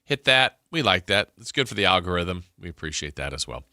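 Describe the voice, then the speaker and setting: A sports radio host with a low, bright, forceful voice. He talks in a loose, rambling way and lets his sentences trail off. The sound is close and dry in a studio. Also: very animated, fairly quick, no room sound. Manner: rambling, laid-back, trailing off. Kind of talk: casual chat and show segue.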